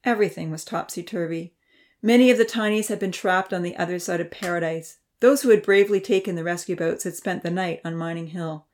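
A woman reading a children's novel aloud in a steady, measured narration. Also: lowish voice. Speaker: audiobook narrator. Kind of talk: storybook narration.

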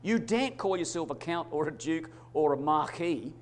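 A man preaching a sermon, emphatic, swinging between loud declarations and hushed asides. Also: a little high, expressive, normal speed. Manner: addresses congregation as brothers and sisters.

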